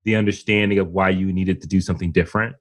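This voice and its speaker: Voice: sits low, steady tone, fast talker. A podcast co-host asking a thoughtful follow-up in casual talk, often restarting sentences. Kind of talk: casual interview chat.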